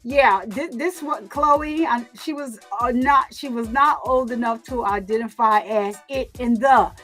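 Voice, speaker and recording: High-voiced woman doing emphatic crime commentary. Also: measured pace, a bit bright, soft background music. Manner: emphatic, repeats words, talks back to chat. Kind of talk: casual livestream commentary.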